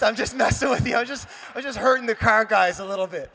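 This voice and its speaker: A male pastor preaches a sermon in a high, bright voice. His words ring out with a long hall reverb. He slips into storytelling, acting out quoted lines and tossing in playful asides. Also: animated, quick pace, few pauses.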